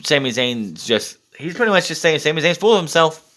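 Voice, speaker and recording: A man's voice: fairly high pitch, very animated, fairly quick, a bit bright. A young man giving a blunt, profane recap and opinion of a wrestling show.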